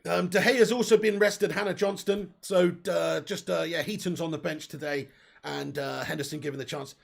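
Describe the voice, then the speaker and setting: Brief: male watch-along host, high-ish gravelly voice with a husky edge, casual, excitable. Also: normal speed. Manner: excitable, casual, swears, reads out viewer messages. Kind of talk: live football watch-along commentary.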